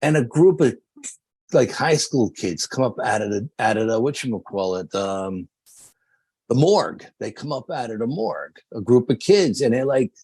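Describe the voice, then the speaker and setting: A man guest on a podcast, telling a paranormal investigation story in a casual, lively way with slangy fillers. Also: medium pitch, normal speed, slightly rough, no room sound.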